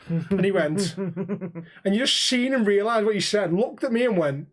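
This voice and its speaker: A man's voice: high-pitched, expressive, normal speed. Sweary man telling stories. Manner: sweary, acts out the people in his stories. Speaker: podcast co-host. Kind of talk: casual storytelling chat.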